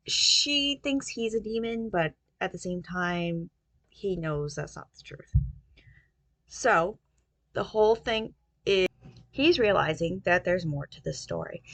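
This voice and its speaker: A woman's voice: mid-range voice, lively intonation, slow pace, a bit bright, dry recording. A woman casually recapping a romance novel's plot, rambling with lots of fillers like um and basically. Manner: rambling retelling with many fillers. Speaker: book reviewer.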